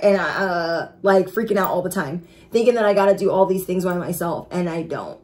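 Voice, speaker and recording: A woman giving a casual tarot reading, chatty and excitable, speaking straight to her viewers. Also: medium pitch, fairly quick, hardly any pauses. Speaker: tarot reader.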